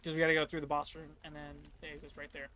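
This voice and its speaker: A man's voice: on the high side, monotone, quick pace, pushed and bright, a little hiss or hum. A man streaming a video game, chatting casually in rambling asides. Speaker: gaming streamer.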